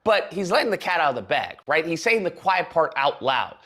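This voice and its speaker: A man's voice: on the high side, very animated, fairly quick, bright, forceful tone. A man giving heated, sarcastic commentary on a livestream, ranting at length. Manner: heated, sarcastic, speaks in long rants. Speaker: political commentator.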